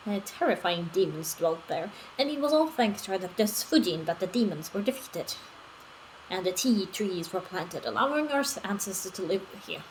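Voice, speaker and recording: An earnest village tea merchant, read aloud by a woman speaks in formal, old-fashioned phrasing. His voice sits at a middle pitch, plain and unforced, with faint noise behind. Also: animated, moderate pace, close to an everyday voice, rough recording.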